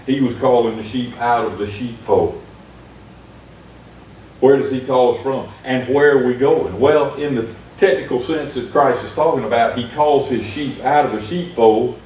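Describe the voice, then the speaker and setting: Man, earnest sermon, roomy church sound, faint rumble behind. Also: a little mellow. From United States. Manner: earnest, retells Bible stories with rising emphasis. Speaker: preacher. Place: small church sanctuary. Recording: echoey church room from far off.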